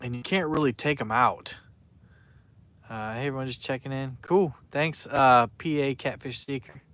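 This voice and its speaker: A man's voice: medium pitch, moderate pace, a bit bright. A man, chatting casually on a fishing live stream and reading out viewers' names in a rambling way. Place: outdoors by the water at night.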